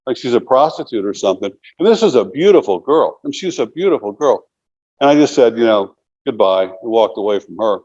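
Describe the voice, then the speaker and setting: A man's voice: mid-range voice, expressive, fairly quick, a little mellow, lo-fi sound. A man in his sixties, an interview guest telling long casual stories, rambling and filling them with "you know". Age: 60s.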